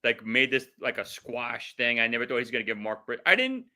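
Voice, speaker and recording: Guy guesting on a podcast, super bright sharp voice, keeps restarting his sentences. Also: medium pitch, very animated. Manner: halting, restarts a lot, then emphatic. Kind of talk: casual chat.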